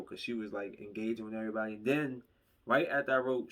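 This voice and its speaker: A man's voice: on the low side, fairly even intonation, fast talker, a bit bright. A man reviewing a movie on his podcast, retelling the plot in a loose, rambling way and acting out the characters' lines.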